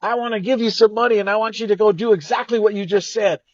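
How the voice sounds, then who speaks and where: A man retelling the words of an excited male friend who urgently insists on helping him, in a raised, breathless voice. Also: high voice, normal speed, no room sound, dull audio, voice pushed up. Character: excited, fervent male friend offering help.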